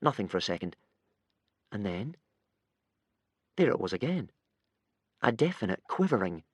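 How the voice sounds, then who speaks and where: Lively male audiobook narrator. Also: fairly low pitch, moderate pace, slightly rough, dry recording. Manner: lively, voices many characters. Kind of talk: expressive audiobook reading.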